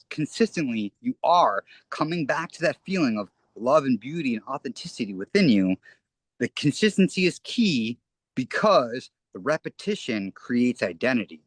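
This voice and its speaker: A man's voice: mid-range voice, slightly rough, no echo. A man talking as an interview guest, rambling earnestly and often restarting his phrases. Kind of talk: casual spoken interview.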